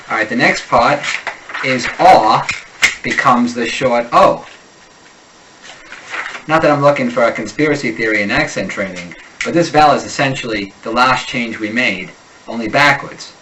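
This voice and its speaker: A man teaching an accent lesson, slowly and deliberately drilling sample words. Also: mid-range voice, pushed and bright, distant mic, slight background noise, poor audio. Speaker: accent coach.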